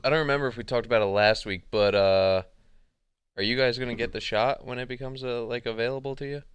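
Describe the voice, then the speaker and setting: A man's voice: medium pitch, fairly even intonation, fast, smooth, dry recording. A man in his twenties co-hosting a podcast, chatting casually and retelling conversations with his parents. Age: 20s. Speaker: podcast co-host. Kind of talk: casual chat.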